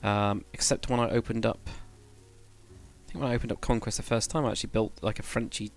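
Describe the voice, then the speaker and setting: A man's voice: lowish voice, fairly even intonation, brisk, faint music behind. A man chatting casually to viewers on a live stream, rambling and correcting himself as he goes. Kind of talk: casual live-stream chat while building.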